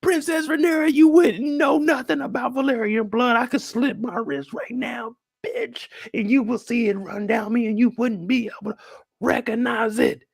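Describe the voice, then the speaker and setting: A man's voice: extremely high pitch, steady tone, normal speed, creaky, breathy edge, pitched above the performer's own voice, exaggerated voice. A man putting on the voice of an outraged old nobleman who protests shrilly and indignantly.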